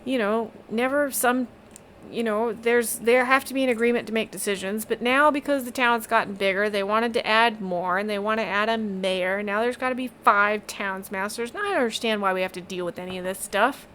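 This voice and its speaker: A woman's voice: fairly high pitch, a little fast, a bit bright, slight background noise, close to an everyday voice. A woman voicing a young female village weaver who rambles, exasperated by town politics. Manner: rambling, exasperated, eye-rolling.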